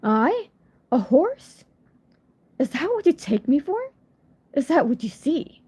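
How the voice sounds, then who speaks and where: A woman's voice: on the high side, expressive, unhurried, warm tone, husky. A woman voicing a proud, ageless female unicorn in a storybook reading, speaking with dignified scorn. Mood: indignant. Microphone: phone. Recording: lo-fi phone recording.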